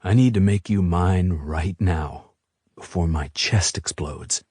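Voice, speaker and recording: A man reading an audiobook who voices a fierce, protective young shifter man, low and earnest. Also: takes it slowly, a little mellow, slightly rough, no echo, studio quality, exaggerated voice.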